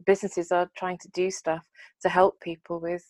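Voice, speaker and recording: Woman, podcast co-host, lowish voice, earnest, reflective, video call, dry. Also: flat delivery, moderate pace, darkish tone, no echo. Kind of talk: casual chat.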